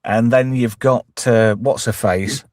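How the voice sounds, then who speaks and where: A man's voice: mid-range voice, steady tone, takes it slowly, a little mellow, no room sound, clean studio sound. A man with an East Midlands accent hosting a live show, talking in a blunt, jokey, swearing and rambling way. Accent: East Midlands English. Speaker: host. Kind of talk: casual live chat show banter.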